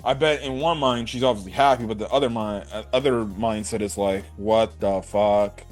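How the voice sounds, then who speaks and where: A young man excitedly recapping an anime episode in a rambling, casual way, full of "bro" and "right?". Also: mid-range voice, a little fast, soft background music. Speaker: anime reviewer.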